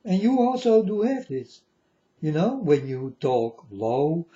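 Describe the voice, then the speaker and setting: A man's voice: fairly high pitch, big pitch swings, slow, mellow, lo-fi sound. A man giving a rambling, preachy spiritual monologue to viewers, repeating himself and calling them folks, in non-standard English. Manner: preachy, repetitive, calls audience folks. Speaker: vlogger addressing viewers.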